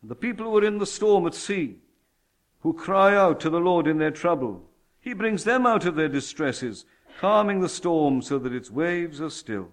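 A man preaching a sermon, alternating loud proclamations with slow, hushed, tender passages and emphatic repetition. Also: a little high, expressive.

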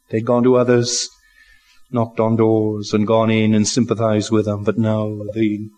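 An older man preaching a sermon, slow and reflective, building to emphatic rises. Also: fairly low pitch, a little mellow, poor audio. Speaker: pastor.

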